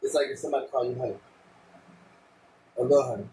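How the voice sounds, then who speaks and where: A man's voice: medium pitch, steady tone, fast, warm tone. Man cautioning in an echoey room. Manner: cautioning, lecturing. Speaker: radio show host. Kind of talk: casual chat. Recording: echoey room with faint noise.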